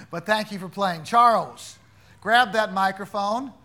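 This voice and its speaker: A man's voice: high-pitched, takes it slowly, pushed and bright. A man teaching an interactive Bible class, quizzing his students in a playful, teasing way.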